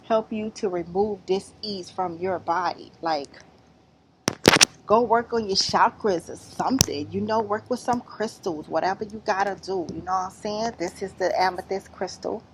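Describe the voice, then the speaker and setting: A woman's voice: mid-range voice, normal speed, heavy background noise. A woman giving blunt, rambling spiritual advice in a casual vlog, outdoors among trees. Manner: rambling, blunt and profane, lively. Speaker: spiritual vlogger.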